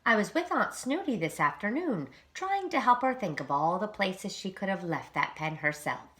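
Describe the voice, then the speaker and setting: A woman voicing a kind mother mouse in a storybook, in a gentle, slightly raised voice. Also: medium pitch, sing-song, moderate pace, voice pushed up.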